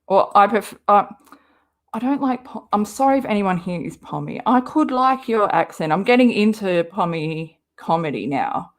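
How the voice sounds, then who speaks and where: A woman's voice: mid-range voice, lively intonation, moderate pace. An Australian woman hosting a livestream, chatting casually and rambling as she answers viewers' comments. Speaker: livestream host. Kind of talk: casual chat with live viewers.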